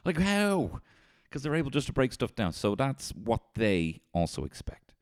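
A man telling an animated, sweary comedy story and breaking into shouted impressions. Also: lowish voice, moderate pace.

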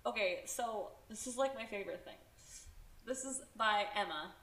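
A woman's voice: medium pitch, moderate pace, fairly bright tone, roomy sound, a little hiss or hum. A young woman hosting a casual podcast, reading a book review aloud with sarcastic, giggly commentary. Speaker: podcast host.

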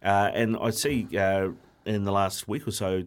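A man hosting a casual rugby chat, asking quick, chatty questions. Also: lowish voice, fairly even intonation, smooth. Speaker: sports podcast host.

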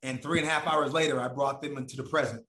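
The room is echoey, and the man's medium-pitched voice moves fast through a lengthy personal anecdote. It's casual and full of profanity, animated throughout, with him performing the voices of everyone he mentions.

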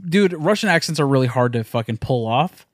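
A man's voice: medium pitch, expressive, a little fast, dry recording. A man co-hosting a podcast, chatting casually and joking, with lots of swearing. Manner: laid-back, profane, joking. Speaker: podcast co-host. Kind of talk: casual chat.

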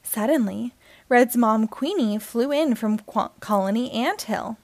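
A woman hosting and reading a children's book aloud in a slow, expressive way. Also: on the high side, no room sound. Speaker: host and reader.

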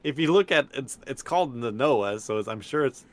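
A man's voice: mid-range voice, lively intonation, fairly quick. A man co-hosting a podcast in casual chat, easygoing, laughing often and restarting his sentences. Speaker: podcast co-host.

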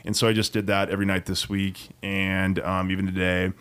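Young male podcast guest, casual and rambling, low-ish pitch. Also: little pitch movement, a bit bright, clean tone. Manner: rambling, quick storytelling with many restarts. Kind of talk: casual chat.

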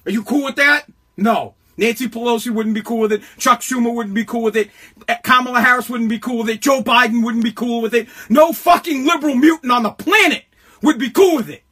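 Brief: male host, high husky voice, heated mocking rant, swears constantly, shouts often. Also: fairly quick. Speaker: political commentary host. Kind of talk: profane political rant monologue.

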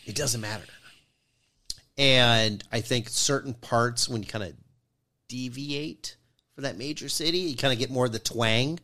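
A man's voice: medium pitch, unhurried, pushed and bright. A man in his forties who grew up in California, hosting a casual podcast chat and saying dude a lot. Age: 40s. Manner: easygoing, laughs often, says dude a lot. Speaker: podcast host.

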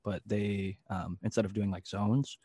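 A man explaining greenhouse growing in casual chat, quick and full of fillers. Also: on the low side, flat delivery, mellow, husky. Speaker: grower.

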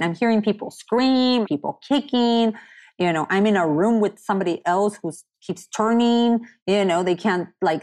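A woman's voice: fairly low pitch, a little mellow. A woman sharing a personal story as a podcast guest, talking candidly and earnestly, often quoting what others said to her. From United States. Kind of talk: personal story in casual conversation.

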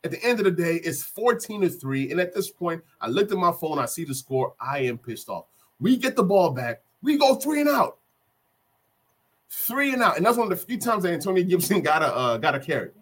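A man with a fairly high, husky voice recaps a football game as a fired-up fan. He talks it through play by play and repeats the big moments for emphasis. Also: brisk. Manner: animated, repeats key plays for emphasis. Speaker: sports fan vlogger.

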